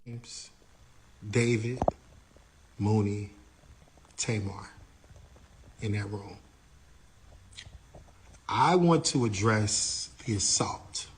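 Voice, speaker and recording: A man's voice: fairly low pitch, slight background noise. A man, a tour manager, recounting an incident and acting out what each person said. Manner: animated retelling, acting out others' lines.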